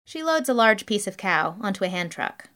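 A woman's voice: medium pitch, big pitch swings, moderate pace, a bit bright. A woman narrating a whimsical story in a dry, matter-of-fact reading.

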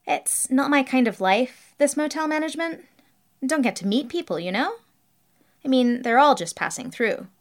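A woman's voice: high-pitched, animated, moderate pace, pitched above the performer's own voice. A woman voicing a cheery, carefree young woman who manages a motel, speaking in a breezy, unbothered way.

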